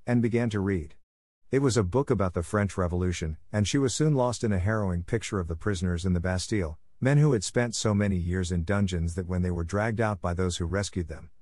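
Low-voiced male audiobook narrator. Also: a little mellow, dry recording, studio quality. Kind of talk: scripted narration for language learners.

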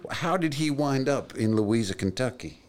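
A man co-hosting a casual podcast, listening in a laid-back way and throwing in quick joking asides. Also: medium pitch, expressive, a little mellow. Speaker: podcast co-host. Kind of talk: casual chat.

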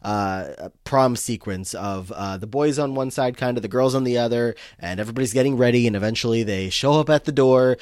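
A man's voice: mid-range voice, brisk, hardly any pauses, a little mellow, no room sound, clean studio sound. A man co-hosting a movie recap podcast, talking in a loose, rambling way with lots of fillers and restarts. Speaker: podcast co-host. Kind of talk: casual chat.

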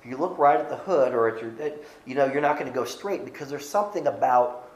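A man's voice: medium pitch, expressive, fast, reverberant, poor audio. A middle-aged male pastor giving a sermon, reading scripture aloud and speaking conversationally with frequent restarts.

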